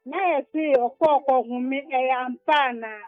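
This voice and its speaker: A woman's voice: high-pitched, takes it slowly, no echo. A woman with a Ghanaian accent calling into a radio show to ask a plain, direct question. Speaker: caller. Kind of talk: asking a question on the phone. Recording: dry phone line with faint music.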